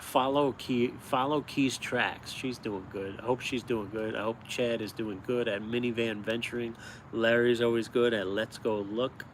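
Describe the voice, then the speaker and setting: A man from upstate New York chats into his phone on a live stream, chuckling as he tells his stories. He is outdoors and a little street noise hangs behind him. His pitch sits in the middle for a man. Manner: animated storyteller, chuckles often. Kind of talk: casual live-stream chat. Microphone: phone held vertically.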